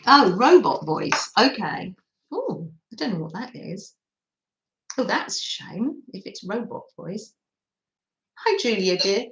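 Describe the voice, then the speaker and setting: A woman's voice: mid-range voice, sing-song, takes it slowly, long pauses, echoey room. A woman hosting a craft livestream, chatting casually and giggling as she reads out viewer comments on her phone. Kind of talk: casual live chat with viewers.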